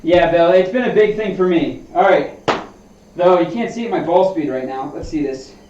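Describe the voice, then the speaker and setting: A man's voice: fairly high pitch, moderate pace, darkish tone, a little hiss or hum. A man live-streaming golf practice, explaining his swing feel to viewers and talking to himself between shots. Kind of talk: casual live-stream chat while practicing. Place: home simulator room. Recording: roomy dull sound, mic at a distance.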